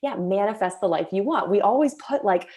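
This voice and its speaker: A woman's voice: medium pitch, lively intonation, fairly quick, a little mellow. A young woman as a guest in a casual video-call chat, talking freely with many "like"s and acting out her own inner voice. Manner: chatty, many filler "like"s, acts out her inner voice.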